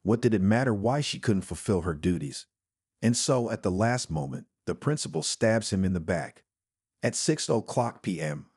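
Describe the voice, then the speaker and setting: A man narrating a scripted story in an even, measured reading. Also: lowish voice, slightly rough, no echo, clean studio sound. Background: faint music.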